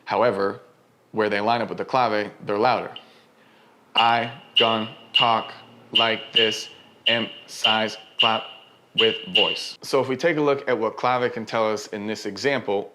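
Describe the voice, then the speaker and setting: A man's voice: on the low side, fairly bright tone. A man explaining rhythm and counts as a dance instructor, sometimes counting beats and vocalizing patterns aloud.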